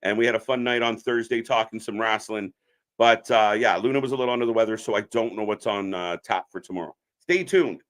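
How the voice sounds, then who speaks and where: Bright-voiced man commentating wrestling live. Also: fairly low pitch, brisk. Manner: chatty, reacts loudly to the action. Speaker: live stream co-host.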